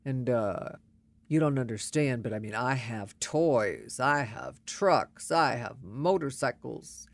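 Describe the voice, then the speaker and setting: A woman's voice: extremely low pitch, animated, takes it slowly, voice pushed down, full character voice. Woman putting on a boastful older barfly. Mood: bragging. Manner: brags nonstop, shouts greetings across the room. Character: chatty boastful older man at a bar.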